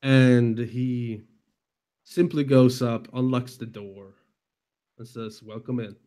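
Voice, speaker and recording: A man playing a tabletop game speaks casually, often stumbling and repeating himself. His voice is warm and dark at an ordinary pitch. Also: steady tone, takes it slowly. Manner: hesitant, stumbling. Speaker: player.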